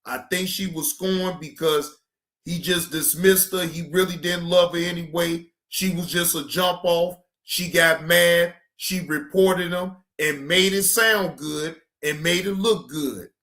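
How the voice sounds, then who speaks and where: Sex: man. Role: reaction host. Style: casual commentary. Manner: exclamatory, profane, stammering. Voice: high and bright, slow. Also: steady tone.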